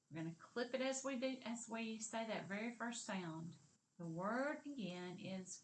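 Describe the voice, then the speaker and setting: A woman teaches a kindergarten literacy lesson in a mid-range, expressive, fairly bright voice, a little slowly. Patient and encouraging, she clearly models sounds and words for young children, stretching them out.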